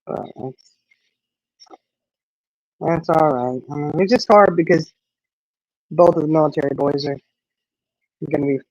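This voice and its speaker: A woman's voice: low-pitched, unhurried, long pauses, a little mellow, no echo. Rambling middle-aged woman, dull lo-fi audio. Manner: rambling, many fillers and "you know". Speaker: livestream host. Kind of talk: casual livestream chat answering viewers. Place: outdoors on an evening walk.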